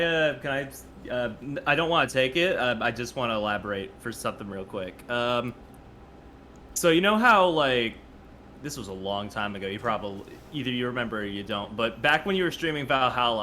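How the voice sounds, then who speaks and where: A man's voice: medium pitch, a little fast, bright, forceful tone, a little hiss or hum. A man chatting casually as a guest on a game stream, hesitant and rambling, with lots of fillers. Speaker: guest co-player. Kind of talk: casual chat.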